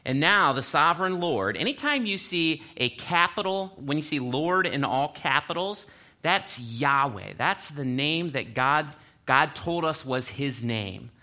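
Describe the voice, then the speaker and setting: A man's voice: fairly high pitch, big pitch swings, measured pace, sharp tone. A man preaching a sermon, reading scripture aloud and breaking in with explanatory asides. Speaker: pastor.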